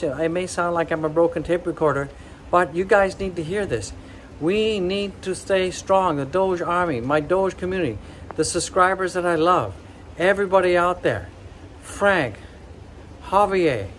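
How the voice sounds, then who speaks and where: Male channel host, slightly high voice, hyped pep-talk delivery, repetitive and rallying, with shouted chants. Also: a little hiss or hum, low-quality recording. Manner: bursts of loud high shouts.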